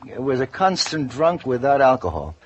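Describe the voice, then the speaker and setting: An older man, a former news correspondent, telling lively anecdotes in an interview and acting out the quotes. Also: medium pitch, moderate pace. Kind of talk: storytelling interview. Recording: dull lo-fi radio recording.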